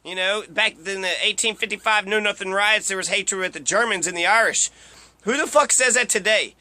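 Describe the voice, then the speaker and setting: A man's voice: sits high, fairly quick, pushed and bright, dry recording. A young man giving casual, profane commentary while reading through a list, ranting and mocking. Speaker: video commentator.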